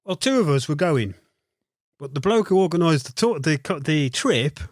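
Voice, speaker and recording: A man's voice: on the high side, moderate pace, no room sound, studio quality. A man from Birmingham with a Brummie accent, a podcast guest telling a story and acting out what people said. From Birmingham, England. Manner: animated storyteller, acting out others' lines. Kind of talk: casual anecdote telling. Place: podcast studio.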